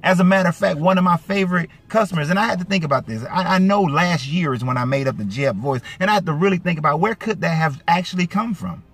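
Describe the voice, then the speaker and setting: A man's voice: fast, few pauses. A man from Atlanta with a light Southern accent, giving casual, emphatic commentary to his viewers. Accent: light Southern US (Georgia). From Atlanta, Georgia. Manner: animated, emphatic, swings from low asides to raised indignant peaks. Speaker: YouTube commentator. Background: faint background music.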